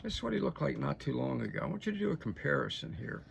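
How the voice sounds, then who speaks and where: An older male political commentator gives opinionated news commentary to his audience, folksy and emphatic, with frequent restarts and "okay?" asides. His gravelly voice is a little high, swings widely in pitch, and moves very fast over a noisy background.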